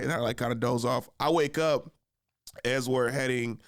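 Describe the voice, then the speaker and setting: A man's voice: medium pitch, fairly even intonation, normal speed, no room sound, studio quality. A man hosting a podcast, telling a story casually in a loose, rambling way with many fillers. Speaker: podcast host.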